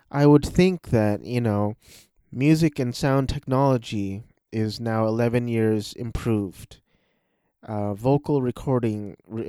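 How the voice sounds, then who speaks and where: A man's voice: medium pitch, warm tone, clean tone, no room sound, clean studio sound. A man casually reviewing cartoon specials in a rambling, hesitant way, with frequent restarts.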